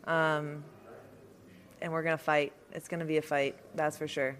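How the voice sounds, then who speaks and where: Lady boxer, bright voice, chill and jokey in a chat. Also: low-pitched, level tone, moderate pace, a little hiss or hum. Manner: laid-back, dryly joking. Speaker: professional boxer. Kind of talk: casual interview chat.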